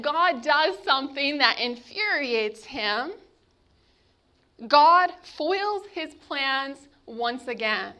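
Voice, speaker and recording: A woman preaching a sermon, with dramatic pauses as she retells a scripture story. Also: sits high, sharp tone.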